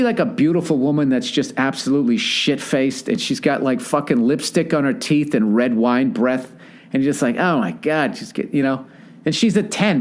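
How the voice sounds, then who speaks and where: A man in his forties hosting a podcast, telling a rambling, profane comedic story and acting out the voices of the people in it. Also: medium pitch. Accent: Boston. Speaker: podcast host. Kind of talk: casual comedic monologue.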